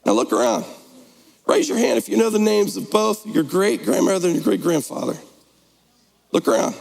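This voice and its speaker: A man's voice: sits high, moderate pace, vocal fry, a little mellow, long reverb tail, low-quality recording. A man preaching a sermon as pastor, in a conversational, playful way, slipping into mock voices. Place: church sanctuary.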